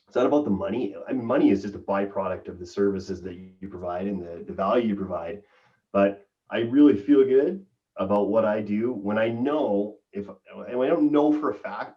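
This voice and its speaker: A man's voice: on the low side, a little mellow. Earnest man on a muffled distant call. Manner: enthusiastic, earnest. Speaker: guest. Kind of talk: casual chat. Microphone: video call.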